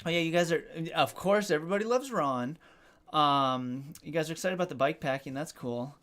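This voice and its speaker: A man's voice: fairly high pitch, fairly quick, fairly bright tone. A man hosting a casual live stream, chatting with viewers and reading their comments in a joking, self-deprecating way, swearing now and then. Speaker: livestream host.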